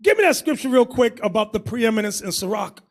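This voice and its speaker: Male street preacher, high animated voice, loud bursts. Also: a little fast. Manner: preachy, shouting bursts, swings loud and soft. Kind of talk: street sermon commentary.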